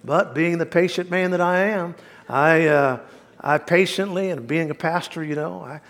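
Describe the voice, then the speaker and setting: A man's voice: fairly high pitch, normal speed, a bit bright. A male pastor, preaching a sermon in a folksy, emphatic way with bits of humor.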